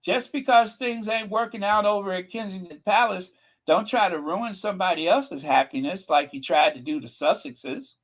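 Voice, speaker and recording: A man's voice: high voice, moderate pace, poor audio. A man hosting his channel in casual gossip commentary, sassy and mocking. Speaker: channel host.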